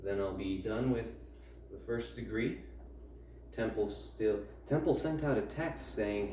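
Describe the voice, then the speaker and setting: A man's voice: on the low side, unhurried, dark tone, a little hiss or hum. A young man and college student chatting casually at home during a workout, rambling and ranting with lots of fillers. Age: young adult. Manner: rambling, grumbling rants with many fillers. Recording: roomy, distant mic, faint ambience.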